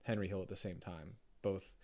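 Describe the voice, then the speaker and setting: A man's voice: low voice, steady tone, fairly quick, a little mellow. Chatty young man on a movie podcast. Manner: laughs often, acts out movie lines, rambling restarts. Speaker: podcast co-host. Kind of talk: casual chat.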